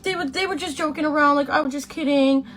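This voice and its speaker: A young woman voicing a flustered, frantic young woman who pleads and apologizes in a high, whiny voice. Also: fast, fairly bright tone. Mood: apologetic.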